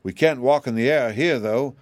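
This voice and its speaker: A man's voice: medium pitch, normal speed, no echo, clean studio sound, close to an everyday voice. A man voicing a pert little female kitten in a storybook reading.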